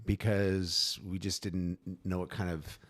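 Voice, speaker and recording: A man's voice: sits low, flat delivery, unhurried, a bit bright. A man co-hosting a podcast in casual chat, rambling with many restarts. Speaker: podcast co-host; graphic designer.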